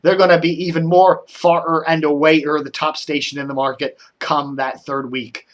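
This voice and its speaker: A man's voice: on the high side, normal speed. Rambling middle-aged man ranting on camera. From Washington DC area. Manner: rambling, full of fillers, animated when riled. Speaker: media commentary vlogger. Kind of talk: casual solo commentary.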